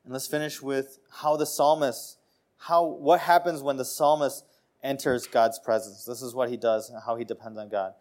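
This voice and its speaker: A man's voice: medium pitch, steady tone, moderate pace. A man preaching a sermon in an earnest, conversational way, repeating phrases and restarting sentences.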